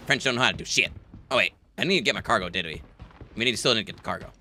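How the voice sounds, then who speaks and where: A man's voice: fairly low pitch, expressive, rapid-fire, pushed and bright, a little hiss or hum. An American man streaming a space game, chatting casually and joking with heavy swearing. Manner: profane, joking banter. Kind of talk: casual gameplay chat.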